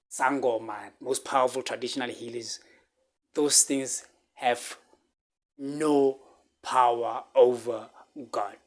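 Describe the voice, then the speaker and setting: Halting man, near tears. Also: medium pitch. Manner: halting, repeats words, fillers like "man" and "right?". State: close to tears. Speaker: vlogger. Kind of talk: emotional personal storytelling.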